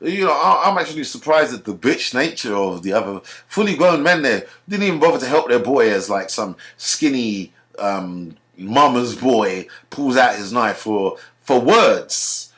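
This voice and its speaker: A man's voice: mid-range voice, a little slow, hardly any pauses. A man delivering a rambling, profane ranting monologue and telling stories. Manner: rambling, profane, animated storytelling. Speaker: vlogger.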